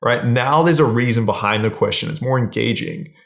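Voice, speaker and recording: This is a man coaching viewers on dating straight to the camera. His voice sits at a mid pitch, and his manner is casual and blunt. He swears without a second thought and keeps checking in with a quick "right?". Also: animated, gravelly, a bit bright. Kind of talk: direct-to-camera advice.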